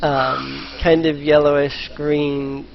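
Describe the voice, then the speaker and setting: A man running a tabletop game as game master, talking slowly and hesitantly with frequent ums and restarts. His voice is fairly high for a man. The sound is slightly muffled, like an online voice chat. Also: flat delivery, creaky, a little hiss or hum. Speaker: dungeon master.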